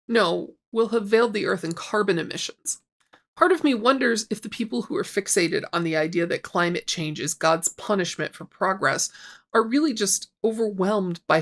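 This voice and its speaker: A woman in her forties hosting a scripted book critique, wry and sarcastic, getting worked up as she talks. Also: mid-range voice. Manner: sarcastic, wry, gets heated. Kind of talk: scripted commentary with read excerpts.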